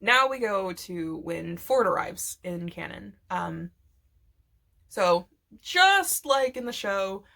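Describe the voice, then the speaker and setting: A woman's voice: medium pitch, very animated, takes it slowly, creaky, bright, forceful tone. A woman vlogger casually telling a rambling, profanity-laced story, laughing often as she goes.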